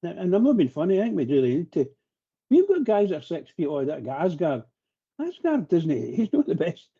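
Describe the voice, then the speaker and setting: A man's voice: on the high side, wildly swooping pitch, fairly quick, breathy edge, muffled recording. A man talking passionately on a live radio phone-in, rambling and repeating himself as he gets worked up. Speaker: phone-in pundit.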